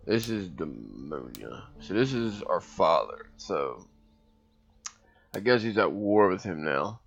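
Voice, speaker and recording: This gameplay commentator has a low, gravelly, slightly rough voice with big pitch swings, and he takes his time. He chats casually while playing a strategy game, reading game text, thinking aloud, and hiccuping occasionally. The recording sounds muffled.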